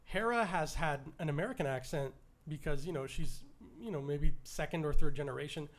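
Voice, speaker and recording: Enthusiastic Canadian man, higher voice. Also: a little fast. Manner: enthusiastic, restarts and stumbles often. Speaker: podcast co-host. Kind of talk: casual podcast chat.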